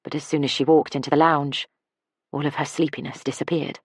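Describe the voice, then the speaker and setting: A woman reading an audiobook in a calm, measured storytelling manner. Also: low voice, slightly rough, no echo, clean studio sound. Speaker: audiobook narrator. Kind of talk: scripted narration.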